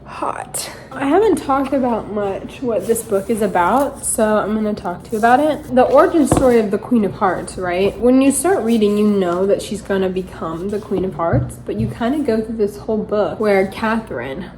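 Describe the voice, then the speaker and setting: Casual twenties woman vlogger, mellow tone, rambling filler-heavy chat. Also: mid-range voice, moderate pace, hardly any pauses, poor audio. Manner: chatty, rambling, lots of "like". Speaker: book vlogger. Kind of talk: casual reading vlog chat. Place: in her car.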